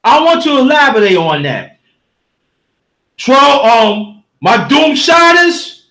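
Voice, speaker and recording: A man hosting a livestream in a heated, preachy rant, often shouting and speaking straight to his listeners while reading the chat. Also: very high-pitched, very animated, slow.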